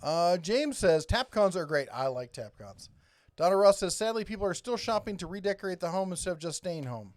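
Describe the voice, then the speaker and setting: A man's voice: high voice, expressive, a little fast, dry recording. A man hosting a casual live stream, rambling and reading viewer comments aloud. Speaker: host.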